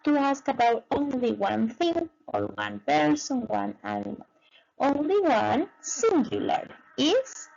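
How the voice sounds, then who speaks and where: A woman teaches a slow bilingual English lesson in a patient classroom voice, switching between English and Spanish as she repeats each word slowly. Her fairly high voice moves lively up and down, with a gravelly fry at the ends of phrases. The recording is dull and lo-fi, with a little hiss or hum.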